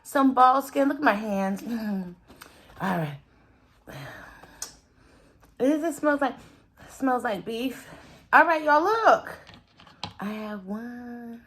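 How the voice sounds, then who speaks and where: This woman's fairly bright, high-leaning voice is lively in intonation but slow, with frequent pauses. While cooking at home for a casual food vlog, she chats directly to her viewers and breaks into quiet muttering as she works.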